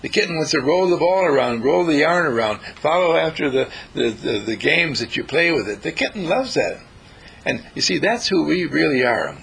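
A man with a husky voice giving a spiritual talk, playful and questioning, asking his listeners things. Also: very animated, moderate pace, fairly bright tone, rough recording. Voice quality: husky and gravelly. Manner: playful, questioning, with big swoops in pitch.

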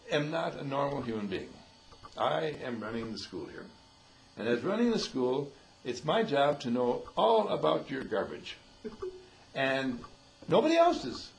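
Folksy male speaker, lively swooping delivery, laughs through his lines, faint hiss behind. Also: fairly high pitch, creaky, low-quality recording. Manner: chuckling often, animated, acts out quoted voices. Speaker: dean giving a short inspirational talk. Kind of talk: folksy inspirational talk.

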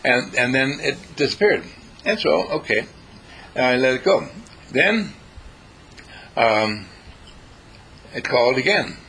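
A man's voice: mid-range voice, sing-song, takes it slowly, long pauses, bright, forceful tone, slight background noise, rough recording. A man telling a story to an audience, emphatic and repetitive, speaking straight to his listeners. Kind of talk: storytelling talk.

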